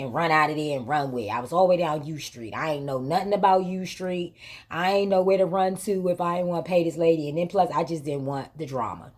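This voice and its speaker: A woman hosting her own vlog, telling a story in casual, colloquial speech with emphatic repetition. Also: lowish voice. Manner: emphatic, repetitive retelling with lively quoted exchanges; colloquial, vernacular grammar. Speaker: vlog host.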